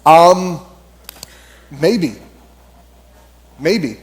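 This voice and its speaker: A man in his thirties, a pastor preaching a sermon in a conversational, animated way with quoted asides. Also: fairly high pitch, very slow.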